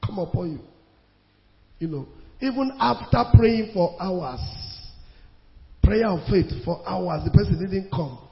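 Pastor, high gravelly voice, emphatic sermon delivery, long reverb of a big hall. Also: male voice, animated, unhurried, long pauses. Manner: emphatic preaching, repeats phrases, swings between loud bursts and quiet asides. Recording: reverberant hall, dull lo-fi sound.

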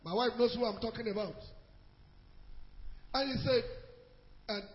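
A man with a Nigerian accent preaching a sermon to a church, telling a story with hushed asides and shouted exhortations. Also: extremely high pitch, measured pace, big-room sound, lo-fi sound. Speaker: pastor.

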